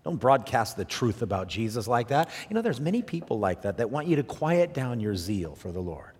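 A man's voice: mid-range voice, fairly quick, breathy edge. Preaching man in a reverberant hall. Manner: animated preaching, rising and dropping to near hush for emphasis; repeats words and restarts while thinking aloud. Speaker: pastor. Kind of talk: sermon.

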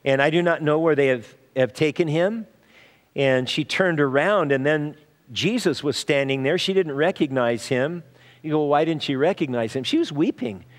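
Pastor preaching in a reverberant hall. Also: male voice, a little high, expressive, normal speed. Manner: conversational preaching with frequent fillers and restarts. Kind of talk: sermon.

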